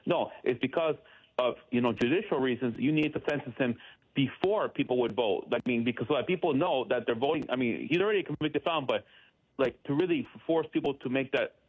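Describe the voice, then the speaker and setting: Fast-talking man calling in. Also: mid-range voice, slightly rough, no room sound. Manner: rapid, rambling, repeats words. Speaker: caller. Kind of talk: phone-in talk. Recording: dull, dry phone-in line.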